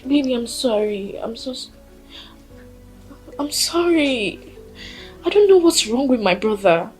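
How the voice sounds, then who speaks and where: A man's voice: very high-pitched, sing-song, a little mellow, faint music behind, exaggerated voice. An actor playing an embarrassed young man with a Nigerian accent, apologizing to his girlfriend. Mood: apologetic. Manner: apologetic, slow.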